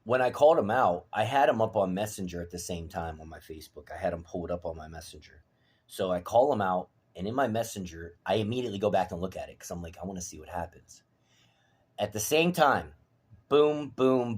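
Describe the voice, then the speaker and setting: A man ranting to the camera, profane and heated, veering from low mutters to shouts. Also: expressive, fast talker, husky. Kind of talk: angry personal rant to camera.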